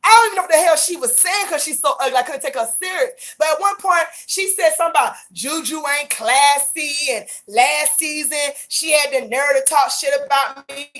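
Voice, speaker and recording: A woman's voice: sits high, a little fast, few pauses, fairly bright tone. A young woman recapping a reality show in casual gossip, blunt and profane, often laughing.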